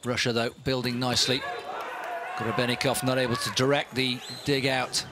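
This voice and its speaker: A man's voice: medium pitch, moderate pace, background noise. Man calling volleyball play-by-play. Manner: animated, rising with big points. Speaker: sports commentator. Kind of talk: live play-by-play commentary.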